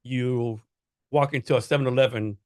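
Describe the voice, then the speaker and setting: A man's voice: medium pitch, steady tone, moderate pace, dry recording, studio quality. A man hosting a podcast in casual chat, asking long rambling questions full of fillers. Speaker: podcast host.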